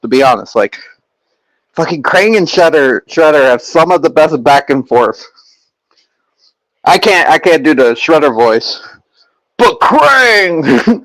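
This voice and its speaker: A man's voice: fairly high pitch, no echo, low-quality recording. A young man streaming and chatting casually with his viewers, rambling with lots of fillers and restarts.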